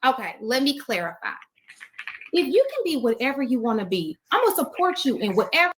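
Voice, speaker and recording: Bright, high-voiced woman arguing defensively. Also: big pitch swings, brisk, slight background noise. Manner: insistent and defensive. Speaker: panel guest. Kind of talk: heated panel debate. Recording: played clip of an online panel.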